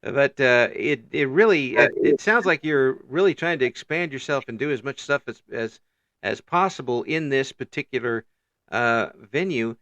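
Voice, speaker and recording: A man hosting an interview, encouraging and measured, summing up his guest's answers. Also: mid-range voice, fairly bright tone, lo-fi sound, slight background noise. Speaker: interview host. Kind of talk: casual interview.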